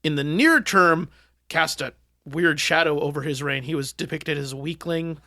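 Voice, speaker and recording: A man co-hosting a comedy podcast, spinning a made-up history lesson with deadpan, mock-scholarly delivery and lots of ums. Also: a little high, moderate pace, dry recording. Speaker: podcast co-host. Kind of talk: casual banter, tall-tale explanation.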